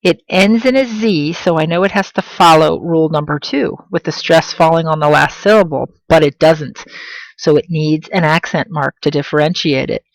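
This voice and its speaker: A woman teaching a Spanish lesson in English, slowing down to pronounce example words with clear stress. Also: deep voice, no echo, low-quality recording. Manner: slow, emphatic pronunciation of example words. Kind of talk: classroom lesson.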